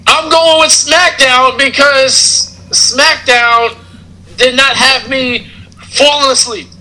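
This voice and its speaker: A man's voice: very high-pitched, steady tone, slow pace, pushed and bright, low-quality recording. A man co-hosting a casual wrestling podcast, ranting in a sarcastic, profane way. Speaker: podcast co-host. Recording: clear background noise.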